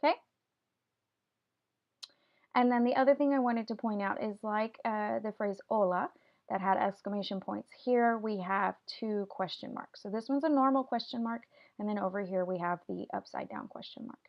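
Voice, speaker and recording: A woman's voice: mid-range voice, moderate pace, muffled recording. A woman teaching a Spanish vocabulary lesson, patiently explaining each word step by step and having students repeat after her. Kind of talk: classroom video lesson.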